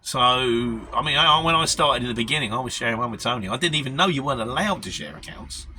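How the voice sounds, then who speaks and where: A man's voice: medium pitch, fast, pushed and bright, a little hiss or hum. A middle-aged man with a London Mockney accent, chatting casually and self-deprecatingly as he answers viewer questions on his vlog. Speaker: lorry driver vlogger.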